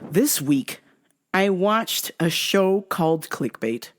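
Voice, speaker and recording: A woman's voice: fairly low pitch, expressive, slow pace. A woman hosting a casual comedic show, profane, laughing often and acting out quotes in put-on voices. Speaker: podcast host.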